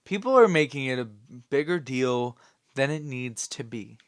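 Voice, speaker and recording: A man's voice: medium pitch, lively intonation, measured pace, dry recording, clean studio sound. A man hosting his own channel, giving a rambling, opinionated commentary with many fillers and a scolding tone. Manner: scolding, dismissive. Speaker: channel host.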